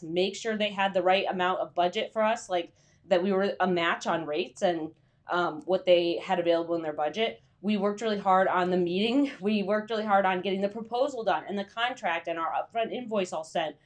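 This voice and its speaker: A woman hosting a casual live stream for freelance writers, chatty and full of fillers, greeting viewers by name and acting out her inner voice. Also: medium pitch.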